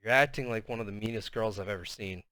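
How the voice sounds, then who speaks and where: A man doing a stern, quiet teacher. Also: fast, no room sound. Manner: low, quiet and firm. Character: stern, calm male schoolteacher.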